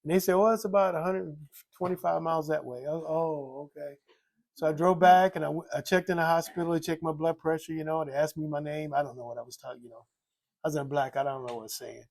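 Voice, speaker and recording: An older man telling the story of his recovery from alcohol in a rambling, candid way, repeating himself and filling pauses with "you know". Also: on the high side, steady tone, a little mellow. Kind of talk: candid personal testimony.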